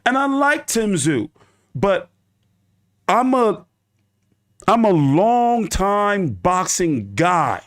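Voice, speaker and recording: A man's voice: sits high, big pitch swings, drawn-out words, pauses often. A man hosting a boxing channel, ranting live with emphatic, profane repetition. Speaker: boxing YouTube host. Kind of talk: live boxing commentary rant.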